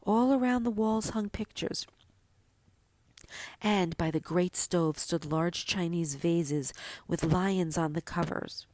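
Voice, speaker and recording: A woman podcast host reading a classic story aloud in a gentle, measured manner. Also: on the low side. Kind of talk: storybook narration.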